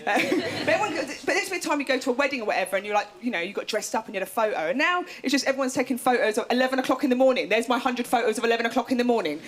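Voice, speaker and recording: A woman's voice: a little high, animated, very fast, few pauses. A woman in her thirties doing a stand-up set, chatty and self-mocking, often breaking into laughs. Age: 30s. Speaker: stand-up comedian. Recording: loud noisy stage recording.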